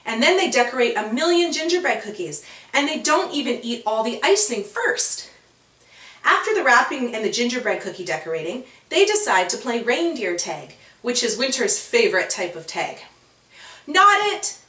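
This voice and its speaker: A woman reading her own children's storybook aloud with expressive, animated storytelling. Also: fairly high pitch, moderate pace, echoey room, distant mic. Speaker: author and storyteller.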